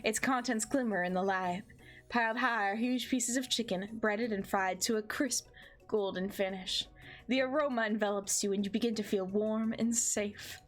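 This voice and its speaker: A young woman streaming a game, reading the narration and joking between lines in a giggly, excitable way. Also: mid-range voice, normal speed, faint music behind. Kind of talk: game playthrough with narration and commentary.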